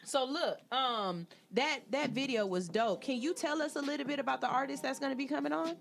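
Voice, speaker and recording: Animated, slangy woman radio host. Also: high-pitched, fairly quick, gravelly, a little hiss or hum. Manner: animated, loud laughs, slangy. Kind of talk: casual comedic radio chat.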